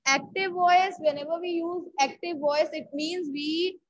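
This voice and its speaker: A woman's voice: very high-pitched, fairly even intonation, unhurried, rough recording. A woman with an Indian English accent teaching an online English grammar class, repeating key words and checking often that students follow.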